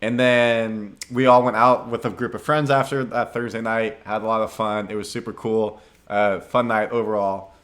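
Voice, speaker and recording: A man's voice: lowish voice, little pitch movement, moderate pace, few pauses, fairly bright tone. A young man hosting a podcast, casually telling a dating story in a laid-back, slangy way with lots of filler words. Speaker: podcast host.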